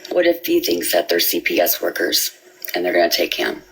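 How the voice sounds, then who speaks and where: Low, gravelly woman telling her story. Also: very animated, fairly bright tone, a little hiss or hum, low-quality recording. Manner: halting, repeats words and restarts. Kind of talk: emotional personal account.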